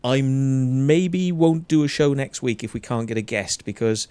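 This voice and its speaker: Welsh male host, blunt, foul-mouthed, animated ranter; dry mic. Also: medium pitch, normal speed, smooth, no echo. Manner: blunt, heavy swearing, animated ranting. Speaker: show host. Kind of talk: casual livestream chat.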